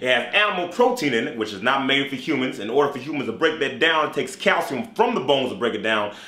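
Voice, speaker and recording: A young man hosting a comedic cooking show, talking in a playful, energetic way. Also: mid-range voice, fast. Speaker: comedian host. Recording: echoey room, light music.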